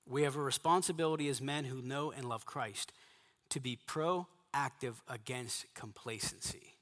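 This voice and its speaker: A man's voice: mid-range voice, a little slow, fairly bright tone. Emphatic man preaching in a reverberant hall. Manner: emphatic preaching with repeated phrases. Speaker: pastor. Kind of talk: sermon to a men's gathering.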